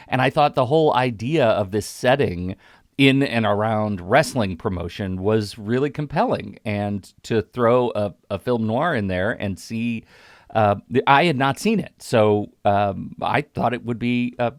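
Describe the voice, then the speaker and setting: A man's voice: lowish voice, a little slow, no room sound, studio quality. A man hosting a film podcast in casual chat, thinking aloud and circling back on his sentences. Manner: thinking aloud, rambling with restarts. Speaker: podcast host.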